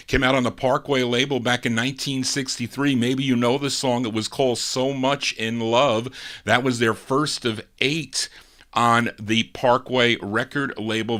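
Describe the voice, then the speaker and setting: A man hosts a live record show with an oldies DJ's easygoing patter. His voice is bright and forward, and he talks in a loose, chatty way with small restarts. His pitch sits in the ordinary middle for a man. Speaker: radio show host and DJ.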